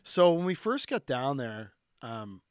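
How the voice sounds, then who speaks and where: A man tells a long story in loose, animated talk, leaning hard on fillers and swearing now and then. His voice sits at an ordinary middle pitch. The sound is dry and close, with no room around it. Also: measured pace, clean tone, no room sound. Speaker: podcast guest. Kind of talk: casual storytelling.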